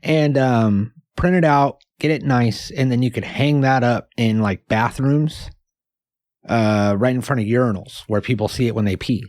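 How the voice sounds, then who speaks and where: A man with a mid-range voice co-hosts a comedy podcast, delivering jokes deadpan with loose, rambling asides. The recording is close and dry, with no room sound. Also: mid-range voice, normal speed, no room sound. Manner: deadpan joking, rambling with fillers. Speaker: podcast co-host. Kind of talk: casual comedy chat.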